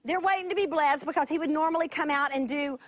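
High, animated woman Bible teacher; dry, close sound. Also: quick pace, no room sound. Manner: animated, laughing storyteller. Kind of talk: teaching sermon.

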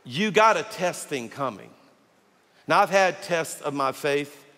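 A pastor preaching in a big church, his slightly high voice ringing out with a long hall echo behind it. He tells his stories with animated energy and acts out each side of a conversation. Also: measured pace. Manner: animated storyteller who acts out dialogue. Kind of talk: sermon. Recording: long reverb of a large hall.

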